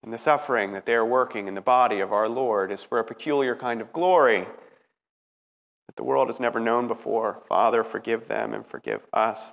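A man preaching a dramatic sermon, emphatic, moving from hushed passages to rising ones. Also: mid-range voice, fairly even intonation, a little fast, vocal fry. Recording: preaching in a reverberant hall.

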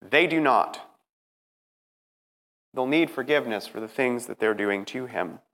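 A man preaching a dramatic sermon, emphatic, moving from hushed passages to rising ones. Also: medium pitch, lively intonation, unhurried. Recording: preaching in a reverberant hall.

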